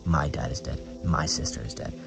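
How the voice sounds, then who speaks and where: A man's voice: very deep voice, creaky, over music, full character voice. A man voicing an eerie, spaced-out young tripper. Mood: ominous. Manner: slow, flat, ominous pronouncements.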